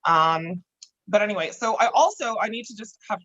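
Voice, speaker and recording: A woman's voice: medium pitch, animated, moderate pace, sharp tone, highs cut off. A woman chatting casually as a podcast guest, laughing often and swearing freely. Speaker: guest grower.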